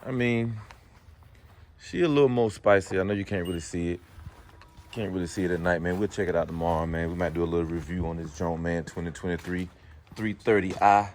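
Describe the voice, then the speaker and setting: A drawling man vlogs to his viewers at a car service shop, then in his car, working "man" into nearly every phrase. His talk is fairly quick, dipping into low mutters and rising to excited high exclaims, and a little hiss or hum is audible.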